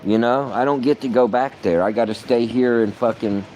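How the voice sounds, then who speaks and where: A man's voice: medium pitch, steady tone, moderate pace, darkish tone, slight background noise. A man rambling in a vlog monologue, profane, muttering at times and then bursting out. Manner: profane, rambling, swings between muttering and outbursts. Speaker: vlogger.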